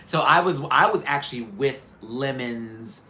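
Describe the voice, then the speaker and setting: A man hosting a live show, giving sassy, animated, candid commentary in a casual chat. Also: medium pitch, unhurried. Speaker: host.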